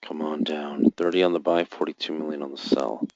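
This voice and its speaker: A man's voice: very deep voice, steady tone, brisk, darkish tone, dry recording. A man hosting live trading commentary, reading out buy and sell volumes and muttering taunts at the market. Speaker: forex trader hosting a live forecasting room. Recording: dull, dry lo-fi sound.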